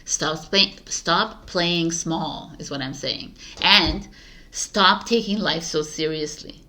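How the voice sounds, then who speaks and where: Fired-up tarot lady talking to her viewers, kinda low voice, lots of "like"s. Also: slow. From Canada. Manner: passionate, animated, laughs often, frequent "like" fillers. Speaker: tarot reader. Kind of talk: casual spiritual talk to camera.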